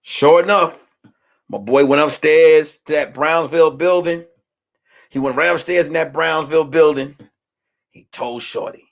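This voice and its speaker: A man from Brooklyn telling a funny story in street slang, swinging between shouting and hushed near-whispers. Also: a little high, moderate pace. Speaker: host. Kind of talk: comedic storytelling.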